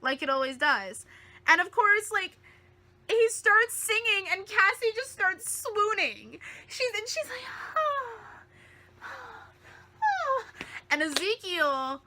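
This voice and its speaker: A woman's voice: very high-pitched, animated, a little slow, bright, forceful tone. A woman reviewing a TV episode in a fan vlog, gushing with giggly, breathless enthusiasm.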